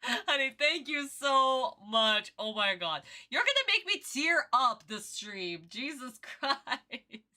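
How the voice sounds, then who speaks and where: A woman streamer gives casual reaction commentary on a livestream. Her voice is high and bright, and her pitch swings widely as she talks in an animated, exclamatory way. She takes her time and swears freely. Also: slow pace.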